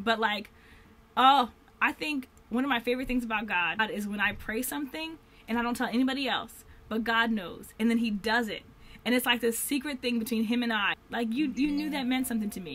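A young woman with a bright, clear voice pitched a little high talks straight to camera in a personal vlog. She is earnest and heartfelt, rambling and restarting her sentences with plenty of fillers. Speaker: vlogger. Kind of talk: candid faith-based vlog talk.

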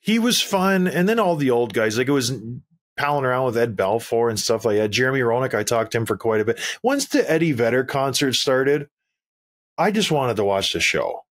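A man hosting a podcast, retelling a night out in a casual, animated way, laughing often and acting out quoted lines. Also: mid-range voice, fairly quick. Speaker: podcast host. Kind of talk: casual storytelling chat.

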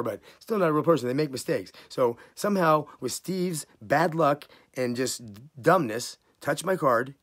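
Guy venting to camera, swearing nonstop, voice spiking up when he gets heated. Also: mid-range voice. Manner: heated, swearing constantly, voice jumping up in outrage. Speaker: vlogger. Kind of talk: angry profane rant to camera.

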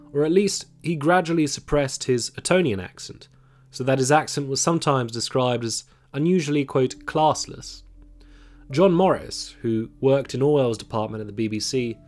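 A man giving scripted documentary narration on history, measured and reading quotations aloud, with faint music behind him. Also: mid-range voice, darkish tone.

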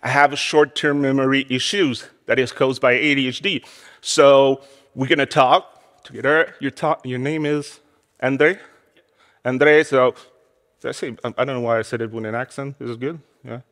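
A man's voice: mid-range voice, fairly even intonation, normal speed, fairly bright tone. A man in his forties with a French Canadian accent giving a candid, self-deprecating conference talk. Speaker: conference speaker. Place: conference hall. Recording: conference hall with long reverb.

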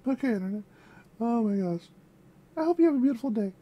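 A woman's voice: a little high, expressive, fast talker, highs cut off. A young woman chatting casually in a music reaction vlog, gushing and effusive, often repeating her phrases.

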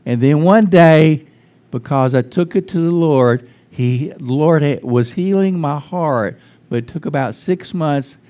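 A man's voice: fairly high pitch, a little slow, dark tone. Man preaching a folksy sermon. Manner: folksy, frequent restarts, questions to the congregation. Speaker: pastor. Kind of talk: informal conversational sermon. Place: church sanctuary.

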